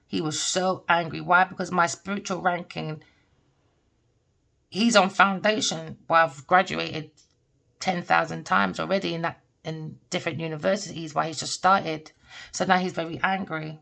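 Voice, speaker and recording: A woman's voice: on the low side, steady tone, normal speed, vocal fry, a bit bright. A woman giving a tarot reading in an unscripted monologue, speaking bluntly and emphatically, swearing, and asking herself rhetorical questions. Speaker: tarot reader.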